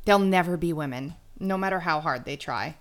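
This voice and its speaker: Chatty woman podcast host. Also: sits low. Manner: chatty and blunt, quick asides. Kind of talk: casual solo podcast commentary.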